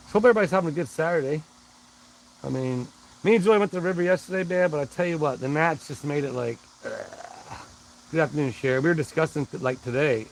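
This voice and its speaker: A man's voice: on the high side, a little hiss or hum, poor audio. A man hosting a casual live stream, rambling along and greeting viewers by name. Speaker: livestream host.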